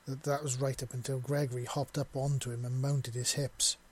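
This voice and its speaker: Husky man reading a story. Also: mid-range voice, flat delivery, brisk. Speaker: narrator. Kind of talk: scripted narration of an audio story.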